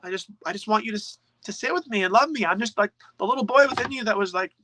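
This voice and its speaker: A man putting on a shrill hurt inner child. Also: lively intonation, quick pace, background noise. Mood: pleading. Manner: pleading, needy, childlike. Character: neglected inner shadow, a hurt little boy.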